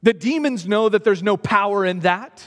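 A man's voice: sits high, moderate pace, a bit bright. A man preaching a sermon in an emphatic way, repeating phrases for stress. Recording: long reverb of a hall.

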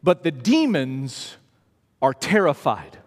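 A man's voice: a little high, big pitch swings, slow. A man preaching a sermon in an emphatic way, repeating phrases for stress. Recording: long reverb of a hall.

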